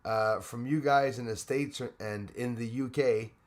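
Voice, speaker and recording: Guy hosting a late livestream, rambling, shouting out viewers by name, mid pitch. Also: steady tone, a little slow. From Canada. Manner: rambling, greets viewers by name, frequent restarts. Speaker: live stream host. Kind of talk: casual live chat greeting viewers.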